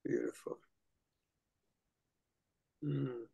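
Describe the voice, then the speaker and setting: Man, group leader on a video call, unhurried, gravelly, coaxing and playful. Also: mid-range voice, little pitch movement, no echo. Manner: playful, coaxing, then hushed and slow when leading the meditation. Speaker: spiritual study group leader. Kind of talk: guiding a group affirmation lesson.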